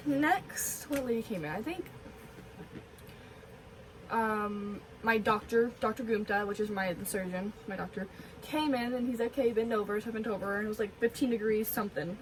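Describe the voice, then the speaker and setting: A teenage girl tells a long story in a casual vlog, rambling and filling it with "like"s and small giggles. Her voice sits a little high. The mic is a bit far away, with faint room noise behind her. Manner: rambling, lots of "like", giggly asides. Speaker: vlogger.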